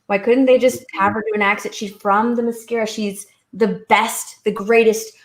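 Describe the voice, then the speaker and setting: A woman talking casually on a livestream, with a middle-pitched voice. She rambles, trails off and restarts, and grows animated as she makes her point. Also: normal speed. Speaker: co-host. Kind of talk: casual stream chat.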